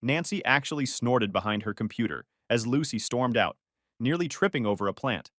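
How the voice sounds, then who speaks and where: A man's voice: mid-range voice, expressive, moderate pace, a bit bright, no echo. Dry, sarcastic male storyteller. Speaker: narrator. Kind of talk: scripted story narration.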